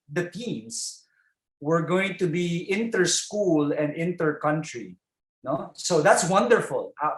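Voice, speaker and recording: A man with a Filipino accent giving a chatty keynote speech over a video call, filling pauses and tagging lines with "no?". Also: a little high, reverberant, low-quality recording. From Philippines. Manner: chatty, warm asides, frequent fillers and tag "no?". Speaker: keynote speaker.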